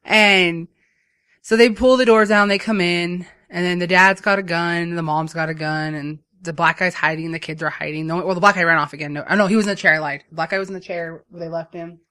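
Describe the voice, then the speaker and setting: Brief: quick, bright-toned talker, dry close sound, rambling casual movie recap. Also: medium pitch, smooth, no room sound. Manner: rambling, animated retelling full of fillers. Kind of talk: casual chat.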